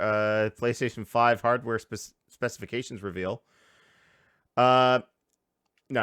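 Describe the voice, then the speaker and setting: A man's voice: mid-range voice, clean tone, no room sound. Ranting Canadian man, dry sound. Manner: swearing, animated rants. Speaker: podcast host. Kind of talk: casual chat. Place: home.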